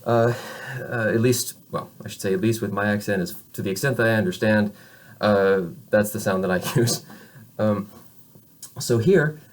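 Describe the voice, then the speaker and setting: A man's voice: lowish voice, normal speed. A man whose first language is English, teaching French pronunciation in a recorded lesson, patient and hesitant, with many fillers as he demonstrates vowel sounds. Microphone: camera facing the speaker.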